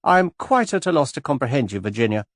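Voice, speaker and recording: A man reading an audiobook, voicing a stuffy, indignant middle-aged English gentleman in a formal, booming way. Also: very animated, quick pace, no echo, studio quality, lightly acted. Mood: outraged.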